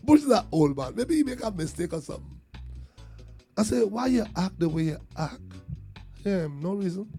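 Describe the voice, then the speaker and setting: A man's voice: high-pitched, normal speed, pauses often, breathy edge, faint music behind. A man with a Trinidadian accent, telling a community story in casual talk, acting out what others said. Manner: animated storyteller, acts out quotes, laughs between lines.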